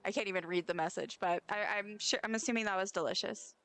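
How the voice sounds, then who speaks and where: A woman's voice: mid-range voice, fairly even intonation, quick pace, a bit bright. A woman streamer chatting casually while playing a game, giggling and talking to the characters on screen. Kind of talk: casual gameplay chat.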